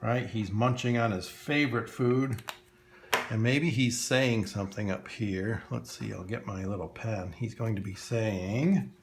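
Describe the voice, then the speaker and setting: A man's voice: lowish voice, steady tone, moderate pace, vocal fry, a little hiss or hum. A man teaching children to draw cartoons step by step, playful and talking straight to the kids, with frequent chuckles. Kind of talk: step-by-step drawing lesson for kids.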